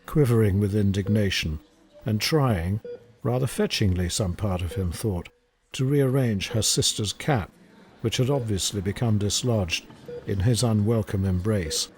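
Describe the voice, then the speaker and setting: A man narrating a horror story in a measured, grave manner. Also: on the low side, a little mellow. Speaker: audiobook narrator. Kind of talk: scripted narration.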